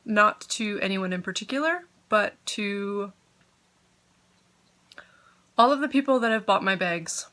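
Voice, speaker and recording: A woman's voice with a clear, bright edge, talking casually to her viewers from home. She is chatty and grateful, drifts off topic easily and sometimes talks with her mouth full. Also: mid-range voice, animated, measured pace, pauses often. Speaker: knitting podcaster. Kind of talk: casual chat to camera.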